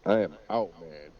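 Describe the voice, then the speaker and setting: A man's voice: low-pitched, muffled recording. A man joking and laughing with teammates during an online game, swearing as he calls out the action. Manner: joking, laughs often, profane, calls out plays. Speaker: gamer on a co-stream. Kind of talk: casual game chat with teammates.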